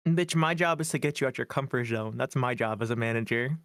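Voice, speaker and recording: A man's voice: medium pitch, a little fast, a bit bright, clean tone, no room sound, studio quality. A man chatting on a live stream with a friend, profane and teasing, with theatrical outbursts. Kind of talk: casual chat on a live stream.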